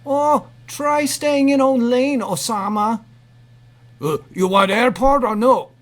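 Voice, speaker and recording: A man's voice: very high voice, slow, a bit bright, voice pushed up, heavily acted. A man putting on a rude male immigrant cab driver in a comedy read-through, speaking broken English and barking insults.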